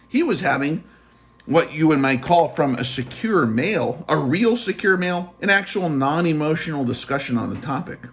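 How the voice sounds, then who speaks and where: A man's voice: on the high side, sing-song, moderate pace, fairly bright tone. A man hosting a casual vlog, telling a personal story in a chatty way full of fillers. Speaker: channel host.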